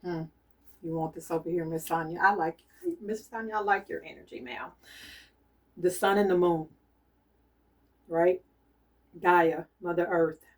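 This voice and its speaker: A woman reads tarot cards on camera, relaying messages as a medium. Her voice sits slightly low and she speaks softly, circling back to the same warnings again and again. She sounds a bit distant from the microphone. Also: unhurried, long pauses. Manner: soft-spoken, repeats her urgings insistently. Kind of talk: channeled tarot reading.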